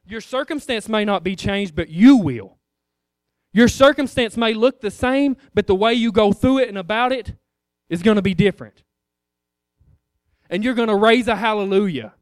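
A man's voice: sits high, normal speed, no echo, studio quality. A man preaching an informal sermon in a conversational way, firing rhetorical questions at the congregation.

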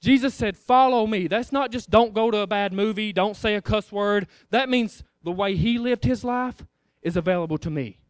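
High-voiced preacher asking questions. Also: male voice, moderate pace, no echo, clean studio sound. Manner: conversational, rhetorical questions, addresses the congregation as guys. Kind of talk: informal sermon.

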